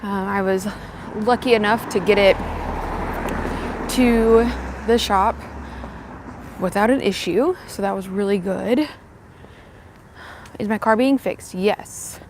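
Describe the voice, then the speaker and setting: A woman's voice: medium pitch, slow pace, long pauses, background noise. A young woman chatting upbeat with her live viewers while walking outdoors, a little out of breath. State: slightly out of breath from walking uphill. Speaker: vlogger live-streaming. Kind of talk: casual live-stream chat while walking. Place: outdoors on a windy walk.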